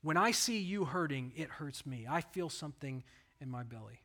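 A middle-aged pastor giving a conversational sermon, telling stories in an earnest, plain way. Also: male voice, fairly high pitch, lively intonation, normal speed, sharp tone.

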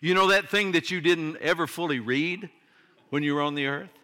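Older guy preaching a sermon, kinda high bright voice, chatty then gets loud and emphatic. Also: moderate pace. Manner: conversational preaching that swings into emphatic declarations. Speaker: pastor.

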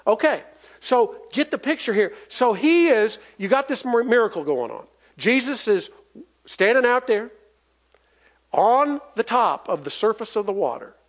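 A man's voice: high voice, big pitch swings, a little slow. A man preaching a sermon in a folksy, emphatic way, asking the congregation for responses and chuckling as he goes.

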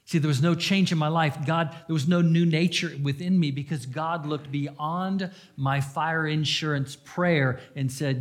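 Male pastor, sermon delivery, slightly high voice, earnest, shifts from forceful peaks to near-whispered moments. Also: a little slow. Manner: earnest, swings between loud emphasis and hushed confession.

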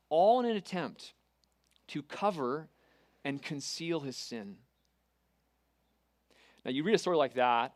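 A man preaching a sermon, retelling a scripture story with earnest, dramatic pauses and reading scripture aloud. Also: a little high, no echo.

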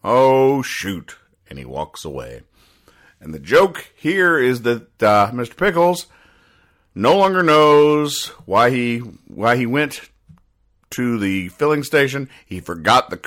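Male comedy host, low voice, deadpan and rambling, mock-serious explainer of comic strips. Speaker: podcast host.

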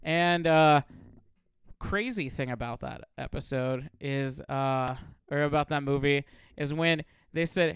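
A man co-hosting a casual podcast, an animated storyteller who laughs a lot and acts out loud quoted voices. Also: fairly high pitch, slow, creaky, clean tone, no echo, studio quality. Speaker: podcast co-host.

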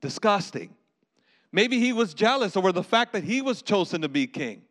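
A man preaching a sermon, telling the story with lively acted voices and calls for the audience to repeat. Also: high voice, a little fast. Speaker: pastor.

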